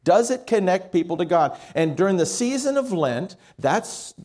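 A male pastor preaching in a relaxed, conversational way. His voice sits high for a man, and he restarts words as he gathers his thoughts. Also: moderate pace. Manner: conversational, repeats words while thinking. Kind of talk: sermon.

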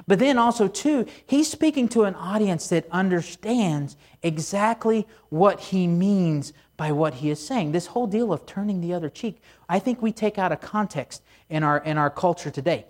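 A man's voice: high-pitched, lively intonation, moderate pace. A middle-aged man, a pastor, delivering a conversational sermon in a casual, storytelling way with frequent asides.

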